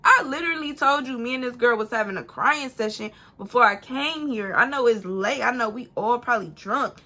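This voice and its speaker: A young woman casually telling a personal story to camera, animated and profane, acting out what people said. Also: on the high side, fairly quick. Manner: animated, swearing, acts out quotes in a raised voice. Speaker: storytime vlogger.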